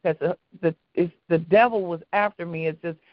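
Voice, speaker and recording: A woman's voice: fairly low pitch, moderate pace, no echo, highs cut off. A woman calling in to a prayer line, telling stories earnestly and often repeating her words. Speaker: caller. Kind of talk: call-in prayer request.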